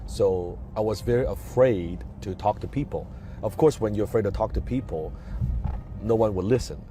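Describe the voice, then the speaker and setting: A man's voice: fairly low pitch, moderate pace, warm tone, slight background noise. A man speaking English as a second language, giving an emphatic motivational talk with rhetorical questions and repeated key phrases. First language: not English.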